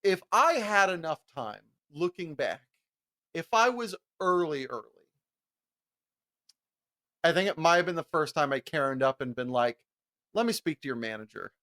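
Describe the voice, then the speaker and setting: A young man spins a profane, animated story on a podcast, laughing as he goes. His voice sits a little higher than most men's. He jumps between tones with plenty of energy. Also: normal speed, pauses often. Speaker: podcast co-host. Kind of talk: casual storytelling chat.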